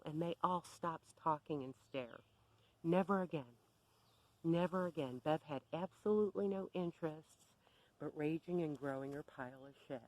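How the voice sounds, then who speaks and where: A woman's voice: sits low, a little mellow, dry recording, rough recording. A woman telling a story to camera in a sardonic, exasperated rant. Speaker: vlogger.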